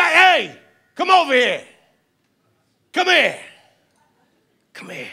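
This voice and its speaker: A comedian plays a loud, brash old uncle with a Boston accent, barking orders and teasing. The voice rides high and bright with a gravelly edge. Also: male voice, full character voice. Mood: coaxing. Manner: shouting, gruff, bossy.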